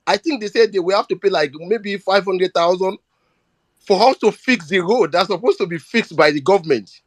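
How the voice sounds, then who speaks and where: Nigerian man, heartfelt speaker, fairly high pitch, dry sound. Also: lively intonation, brisk, no room sound. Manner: earnest, emotional, repeats himself. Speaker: speaker on a live audio chat. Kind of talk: impassioned appeal.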